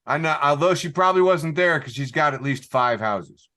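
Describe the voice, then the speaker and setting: A man's voice: a little high, expressive, moderate pace, sharp tone. A man chiming in with joking asides on a casual comedy podcast.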